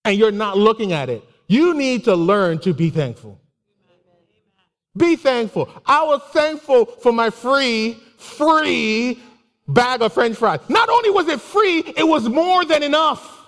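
A man giving a casual, animated sermon with personal stories, laughing and exclaiming often. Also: extremely high pitch, unhurried. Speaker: preacher. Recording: long hall reverb.

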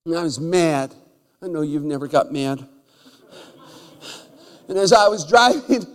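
Preaching man in an echoing hall. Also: high-pitched. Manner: animated, swings from loud bursts to hushed asides, repeats words. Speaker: pastor. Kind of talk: storytelling sermon. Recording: long reverb of a large hall.

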